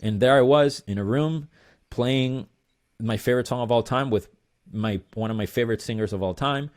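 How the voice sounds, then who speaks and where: A man's voice: medium pitch, normal speed, a little mellow. A man in his thirties, a musician guest, telling a long rambling story in an interview with lots of fillers.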